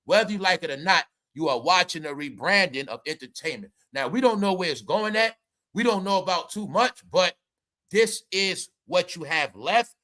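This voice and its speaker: Man, high voice, bright edgy tone, ranting commentary, drops to mutters then shouts. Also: moderate pace. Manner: animated, ranting, swings from low mutters to shouting. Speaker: commentary channel host. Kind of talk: casual entertainment commentary.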